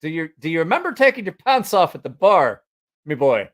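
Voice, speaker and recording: A man's voice: mid-range voice, normal speed, gravelly, a bit bright. A man putting on a rowdy boozy mate with a clumsy British lilt. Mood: amused. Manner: clumsy fake accent, drops into "me mom's" and "mate".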